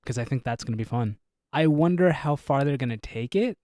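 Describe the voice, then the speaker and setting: A man co-hosts a movie podcast in an easy, agreeable way, adding his own thoughts between steady murmurs of assent. His voice sits at a medium pitch and the recording is dry and close. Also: brisk, dry recording. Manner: supportive, frequent short agreements. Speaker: podcast co-host. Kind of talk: casual movie review chat. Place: podcast studio.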